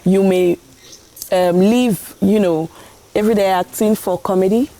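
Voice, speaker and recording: A woman hosting a talk show, announcing segments and asking questions in a measured way. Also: mid-range voice, steady tone, dark tone. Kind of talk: broadcast interview hosting.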